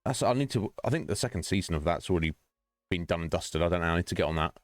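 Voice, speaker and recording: A man's voice: deep voice, lively intonation, rapid-fire, dry recording, studio quality. A man streaming and chatting casually with his viewers, rambling, joking and laughing often.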